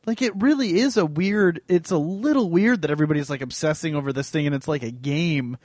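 A man's voice: on the high side, brisk, a little mellow, no room sound, studio quality. A man co-hosting a podcast, sarcastic, teasing and a bit pedantic in casual chat. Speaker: podcast co-host.

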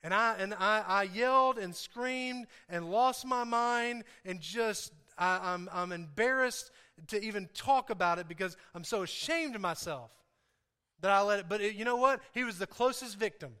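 High, bright-voiced man preaching earnestly. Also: moderate pace, clear, resonant tone. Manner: earnest, repeats phrases for emphasis; confessional, talks straight to the congregation. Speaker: pastor. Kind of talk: sermon.

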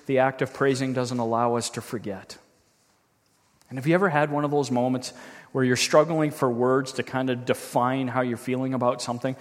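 A man preaching a sermon as a pastor, earnest and reflective, slowing down to read scripture aloud. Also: medium pitch, long reverb tail. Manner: earnest, reflective, slows down when reading scripture.

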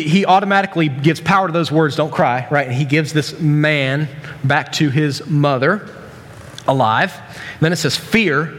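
Joking pastor preaching in a reverberant hall. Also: male voice, on the high side. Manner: casual, joking asides with many restarts. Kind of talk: sermon. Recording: long reverb from a large hall.

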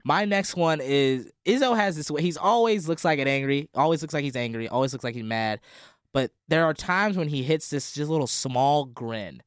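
A man with a smooth, resonant voice chatting about college basketball. He talks in an earnest, reflective way, drawing out his favorite moments. The sound is close and dry. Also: on the high side, lively intonation, normal speed, no echo. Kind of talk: casual sports chat.

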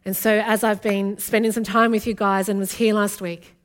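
A woman's voice: medium pitch, level tone, normal speed. A woman, from Australia, preaching an earnest and intimate sermon as a guest speaker.

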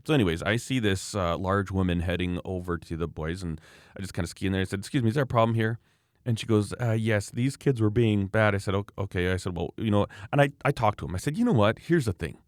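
Middle-aged male storyteller, animated, big pitch swings, dry close sound. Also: no echo. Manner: animated anecdote telling, acts out other voices. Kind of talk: casual chat.

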